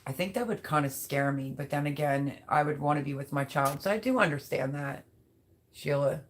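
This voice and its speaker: A woman's voice: deep voice, normal speed, a little hiss or hum. A woman chatting loosely on her live stream and talking straight to the people watching. She rambles from one thing to the next in an easy, conversational way while she reads out viewer comments. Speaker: livestream host reading chat. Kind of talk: casual live-stream chat.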